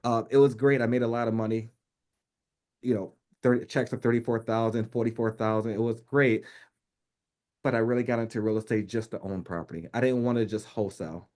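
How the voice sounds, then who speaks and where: Animated New York man telling a story. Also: medium pitch, brisk. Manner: animated, laughs often, acts out quoted speech. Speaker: podcast guest. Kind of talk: casual storytelling.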